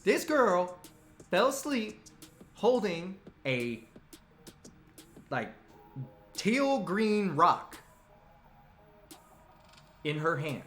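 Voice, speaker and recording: A live stream host with a high-pitched, very animated and slightly bright voice speaks very slowly, pausing often, in an echoey room with soft music behind him. Telling a comic story to his live chat, he rambles, interrupts himself, and teases his audience.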